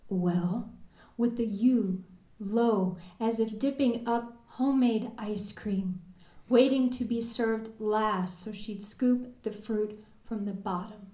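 A Kentucky poet with a slightly high, darkish voice recites spoken word poetry slowly and deliberately. Her delivery is measured, lingering on words, and the room sounds echoey.

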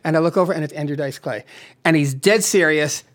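A man's voice: on the high side, fairly quick. Rambling, laughing guest filmmaker man. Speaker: guest writer-director. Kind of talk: casual interview chat.

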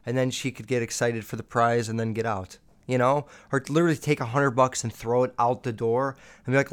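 Smooth-voiced podcast host, profane and joking. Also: male voice, medium pitch, steady tone, fairly quick, hardly any pauses. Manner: profane, joking asides, lots of fillers. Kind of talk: casual storytelling monologue.

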